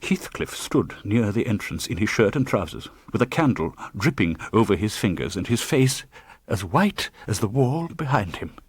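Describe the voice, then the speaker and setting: A man's voice: fairly low pitch, sing-song, moderate pace, breathy edge, no room sound. A man reading an audiobook in a dramatic, tense manner, close to the microphone. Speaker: audiobook narrator. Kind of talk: scripted audiobook narration.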